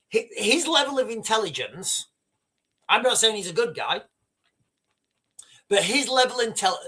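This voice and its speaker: A middle-aged man holds forth on his livestream in a loose, profane, rambling way. His voice swoops animatedly between high and low as he drives his points home. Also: bright, forceful tone. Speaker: livestream host. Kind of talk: casual ranting commentary.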